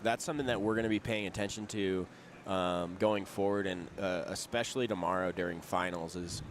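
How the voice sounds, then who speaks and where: A man with a low voice commentating a live race in a relaxed, rambling manner. Faint outdoor noise sits behind him. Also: fairly quick. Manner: relaxed, rambling analysis with fillers.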